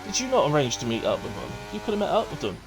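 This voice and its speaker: A middle-aged man chats through a sim-racing live stream in a loose, unscripted way. He rambles, restarts his sentences and fills gaps with ums and uhs. A faint hiss of noise sits under his mid-pitched voice. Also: very animated, rapid-fire, creaky. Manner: rambling and self-deprecating, with many fillers and restarts. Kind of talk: casual live-stream commentary.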